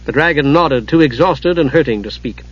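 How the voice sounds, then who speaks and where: Husky male audiobook narrator. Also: fairly high pitch, normal speed. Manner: steady, dramatic storytelling. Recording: dull lo-fi audiobook recording.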